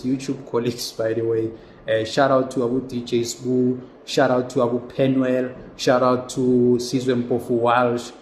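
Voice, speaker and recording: A man's voice: mid-range voice, darkish tone, reverberant, slight background noise. A South African man hosting a podcast, delivering an impassioned, repetitive political rant. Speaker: podcast host. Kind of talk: casual political commentary monologue.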